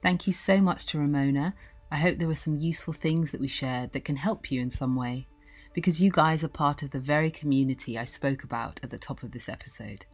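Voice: medium pitch, brisk, soft background music. A podcast host thanking a guest and then reading the show's outro to listeners. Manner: encouraging, affirming listener with frequent "mm-hmm".

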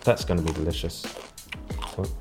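A man with a fairly low voice walks a host through baking a loaf. He talks in a relaxed, chatty way, pausing with fillers as he explains each step. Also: music in the background. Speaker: bread-baking guest. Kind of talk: casual instructional chat.

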